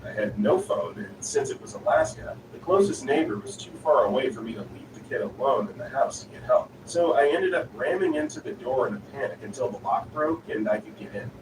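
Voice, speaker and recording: Man reading stories, lively voice. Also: mid-range voice, fairly quick, hardly any pauses. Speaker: story narrator. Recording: roomy, distant, noisy.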